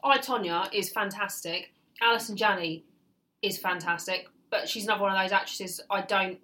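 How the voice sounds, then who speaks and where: A woman's voice: mid-range voice, moderate pace, sharp tone. Woman, podcast co-host, casual film chat, enthusiastic, blunt.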